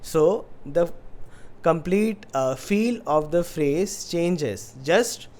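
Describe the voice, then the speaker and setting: Patient tabla teacher. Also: male voice, on the high side, lively intonation, drawn-out words, a little mellow. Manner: patient, spoken rhythm syllables with stress. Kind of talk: music lesson, explaining and reciting drum syllables. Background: tabla playing.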